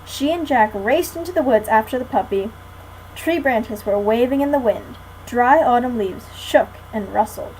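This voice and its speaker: A teenage girl reading a children's book aloud to a class in a friendly, clear way. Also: on the high side, expressive, moderate pace, a little mellow, a little hiss or hum, poor audio. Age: teens. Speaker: guest reader.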